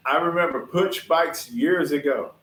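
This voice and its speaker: A man's voice: a little high, a little slow, fairly bright tone, roomy sound. A man, hosting a casual livestream show and telling rambling stories straight to his viewers in a chatty, folksy way. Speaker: host of a livestream shop show. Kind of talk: casual rambling storytelling to chat. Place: workshop.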